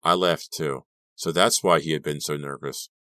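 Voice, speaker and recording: A man reading a teen horror audiobook aloud, narrating in the first person with a steady, measured pace. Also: rumbling low, no echo, studio quality. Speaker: audiobook reader.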